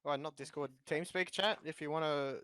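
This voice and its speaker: Over voice chat, a young man reads a film script aloud to friends, adding joking asides, laughing, and trying half-hearted character voices. His voice is on the high side, bright and forceful, with fairly even intonation at normal speed.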